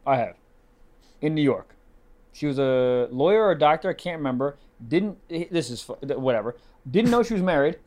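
A young adult man co-hosting a comedy podcast, telling crude stories in an animated, casual way. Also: moderate pace. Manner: animated, crude storytelling that leaps up in pitch. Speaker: podcast co-host.

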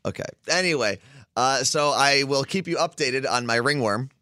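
A man's voice: mid-range voice, normal speed, bright, forceful tone, no echo, studio quality. A man from Minnesota co-hosting a podcast, chatting casually in a rambling, jokingly defensive way. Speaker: podcast co-host. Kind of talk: casual chat.

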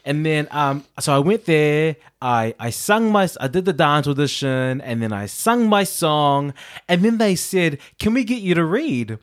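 Animated higher-voiced man from New Zealand. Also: a little slow, clear, resonant tone. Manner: animated, laughing, acting out quotes in a higher voice. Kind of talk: casual chat, storytelling.

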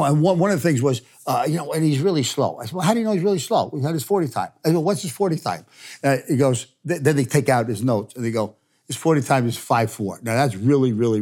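Older male interview guest, lively storyteller, mid pitch. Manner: animated storyteller, laughs while telling stories. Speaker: former football coach and CEO, guest.

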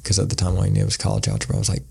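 A man's voice: a bass voice, very animated, racing, gravelly, warm tone, husky. A man, a podcast guest, telling a story in a casual, rambling way and acting out the quoted lines. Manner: rambling, acts out quoted dialogue.

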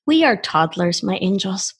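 A woman in her forties, a wellness expert talking in a casual podcast conversation, animated and expressive. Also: mid-range voice, moderate pace, husky. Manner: animated, acts out child voices in quotes.

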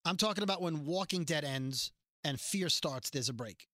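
A man's voice: fairly high pitch, animated, moderate pace, pushed and bright, dry recording, studio quality. A man co-hosting a casual podcast, reading quotes aloud and adding jokey, wry asides. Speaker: podcast co-host.

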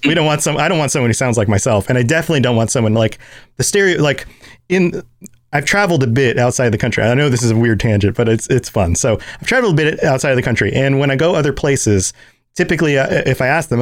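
A man's voice: medium pitch, expressive, fast talker. A man from the United States hosting a podcast, chatty and laughing a lot in casual interview talk. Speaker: podcast host.

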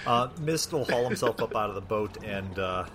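Wry male player, animated pitch, noisy recording. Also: moderate pace. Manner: wry, joking. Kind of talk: casual tabletop game chat.

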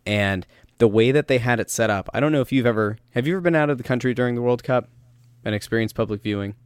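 A man in his thirties co-hosting a casual soccer podcast, telling animated stories with lots of restarts. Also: medium pitch, quick pace, clear, resonant tone, no room sound. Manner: animated storyteller, rambling with restarts. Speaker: podcast co-host.

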